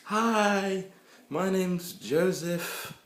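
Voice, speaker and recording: Man playing a young woman at a club, falsetto, slow sing-song, echoey room. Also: heavily acted. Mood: chirpy.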